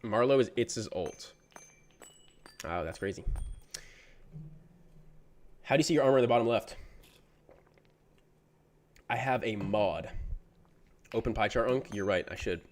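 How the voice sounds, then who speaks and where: A man's voice: fairly low pitch, animated, unhurried, long pauses. A young man chatting casually on a gaming livestream, reading chat messages aloud and answering them in a laid-back, slangy way. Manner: slangy, says "bro" often. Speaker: gaming streamer.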